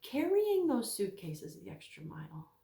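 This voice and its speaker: Animated woman teaching in an echoey room. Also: mid-range voice, a little slow, vocal fry. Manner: animated, acts out quoted voices. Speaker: Bible teacher. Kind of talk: casual Bible teaching talk.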